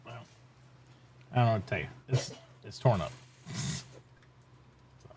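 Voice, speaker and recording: A man's voice: fairly low pitch, expressive, takes it slowly, darkish tone, a little hiss or hum. A man streaming from home, chatting casually and joking with friends on a voice call. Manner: easygoing, joking, laughs while talking. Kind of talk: casual chat over voice call. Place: home, with a pet nearby.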